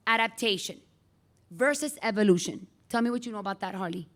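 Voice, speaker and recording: A middle-aged woman teacher giving a chatty, animated lecture in a classroom and calling on students by name. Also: mid-range voice, a little fast.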